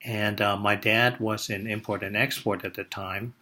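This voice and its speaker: An older man born in Indonesia, telling a personal story in a measured way, pausing often with "uh". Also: fairly low pitch, level tone, sharp tone. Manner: measured, with frequent "uh" pauses.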